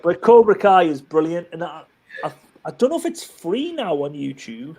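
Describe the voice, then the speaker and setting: Chatty high-voiced man telling stories. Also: moderate pace, breathy edge. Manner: chatty, animated storyteller with many restarts. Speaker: live chat participant. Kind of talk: casual chat.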